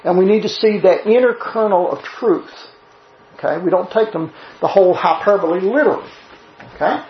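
A preacher with a high voice speaks briskly, giving an emphatic, sermon-style Bible teaching packed with rhetorical questions. The recording sounds roomy and slightly dull, with slight background noise.

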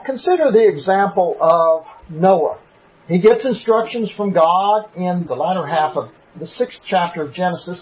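Male preacher with a high voice, teaching a deliberate, emphatic Bible lesson; tinny, phone-like audio. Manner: deliberate, emphatic on key words.

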